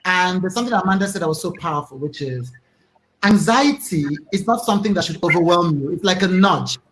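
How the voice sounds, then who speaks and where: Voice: medium pitch, animated, fairly quick, a bit bright, slight background noise, rough recording. An interview host on a video call, who affirms the guests and explains points with examples. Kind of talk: interview hosting.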